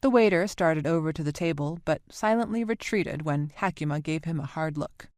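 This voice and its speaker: A woman narrating a novel in a steady, even reading voice. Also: sits low, moderate pace, dry recording, clean studio sound. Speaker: audiobook narrator. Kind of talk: audiobook narration.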